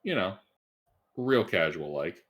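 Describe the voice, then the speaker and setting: Hesitant low-voiced man player. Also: lively intonation, slow pace, a bit bright. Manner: hesitant, repeats words. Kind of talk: tabletop game chat.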